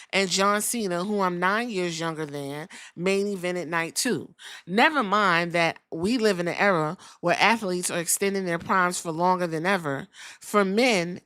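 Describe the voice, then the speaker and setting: A woman podcast host giving blunt, animated, profane commentary in a casual, opinionated way. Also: fairly low pitch.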